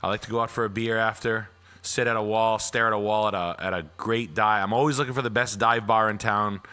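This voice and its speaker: A man's voice: lowish voice, steady tone, brisk, pushed and bright, smooth. A young man hosting a casual livestream, rambling and self-deprecating with crude jokes. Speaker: realtor and livestream host.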